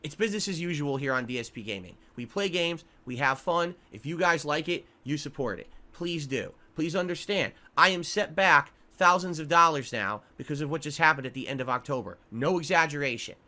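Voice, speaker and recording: A man streaming live, ranting angrily with heavy swearing and lots of repetition, going from loud outbursts to low muttering. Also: lively intonation, brisk, few pauses. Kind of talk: angry livestream rant.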